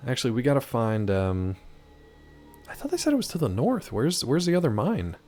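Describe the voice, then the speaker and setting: A man's voice: lowish voice, a little mellow. A man streaming a video game, chatting casually in a rambling, laid-back way with many fillers. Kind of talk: casual gameplay commentary.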